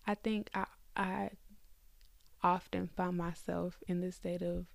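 A woman's voice: on the low side, little pitch movement, measured pace, vocal fry, no room sound. A young woman hosting a faith podcast, talking candidly and conversationally to her listeners from her bed at home. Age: young adult. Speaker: podcast host.

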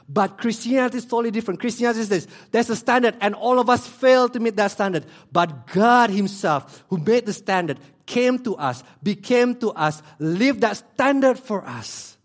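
Man preaching with sweeping loud-to-hushed swings. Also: sits high, lively intonation, moderate pace, few pauses. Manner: emphatic repetition, non-native grammar slips. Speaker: pastor. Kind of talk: sermon.

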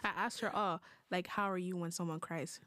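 A young woman co-hosting a casual podcast chat with her cousins, chiming in quickly with jokes. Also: fairly low pitch, fairly even intonation, a bit bright, no room sound, clean studio sound. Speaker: podcast co-host.

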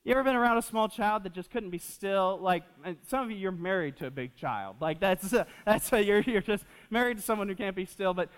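Young pastor, twenties, high-pitched voice, lively sermon with jokes and fillers, recorded in a long-echo church hall. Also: male voice, fairly quick, few pauses, clean tone. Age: 20s. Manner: animated, repeats himself with fillers, jokes with the audience.

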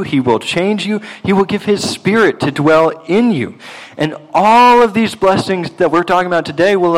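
A man's voice: on the high side, low-quality recording. A man preaching a sermon, earnest and emphatic, reading scripture aloud as a pastor.

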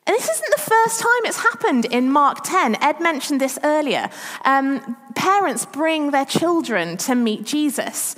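A woman's voice: sits high, sing-song, a little slow, fairly bright tone. A woman giving a chatty, self-deprecating church talk as preacher. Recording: long reverb of a church hall.

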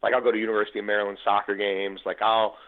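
A man's voice: on the low side, rapid-fire. A man in his forties from the Baltimore area, a podcast guest telling sports memories in casual talk, full of fillers and restarts. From Baltimore area, USA. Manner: animated storyteller, frequent fillers and restarts. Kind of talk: casual conversation. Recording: tinny phone-line audio.

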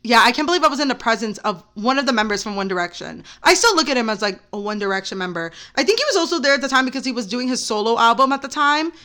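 Young female podcast host, high bright voice, rambling and excitable storyteller. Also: fast, hardly any pauses. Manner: rambling, excitable, heavy use of "like". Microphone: camera mic.

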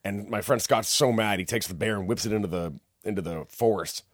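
A man's voice: lowish voice, a little fast, no echo, studio quality. A man on a casual podcast, telling a story and acting out the people in it. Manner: animated storyteller who acts out the people in his tale. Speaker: podcast co-host.

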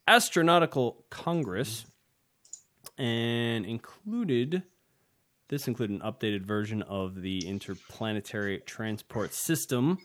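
A man's voice: fairly low pitch, fairly bright tone. A man co-hosting a casual tech podcast, talking in a loose, rambling way with frequent hesitations and chuckles. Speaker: podcast co-host.

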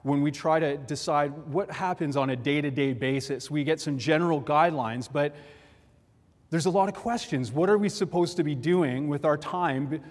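A man preaching a sermon, telling a story with lively, animated delivery in a church hall. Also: a little high. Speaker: pastor. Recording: long hall reverb.

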